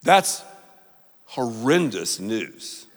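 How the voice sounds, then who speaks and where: A man preaching a sermon, leading the congregation to repeat lines back to him in an animated way. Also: mid-range voice, drawn-out words, big-room sound. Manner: animated, call-and-response with congregation. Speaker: pastor.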